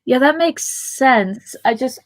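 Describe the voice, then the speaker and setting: A woman's voice: sits high, expressive, slow. A woman co-hosting a podcast in casual chat, teasing her co-host and laughing easily.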